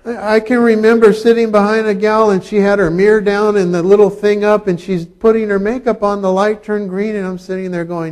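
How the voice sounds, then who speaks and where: Pastor, middle-aged man, slightly high voice, chatty sermon with jokes. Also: little pitch movement, brisk, few pauses, darkish tone. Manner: conversational preaching with asides and humor.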